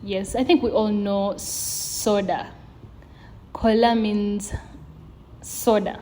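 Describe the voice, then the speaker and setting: A woman hosting a video lesson, slowly and patiently drawing out example sounds to demonstrate tones. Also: medium pitch, flat delivery, warm tone, slight background noise. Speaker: language teacher.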